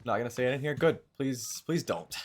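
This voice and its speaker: A man's voice: mid-range voice, fairly quick. A man streaming games live, chatting casually with friends and viewers, swearing freely and laughing often. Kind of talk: casual gaming chat.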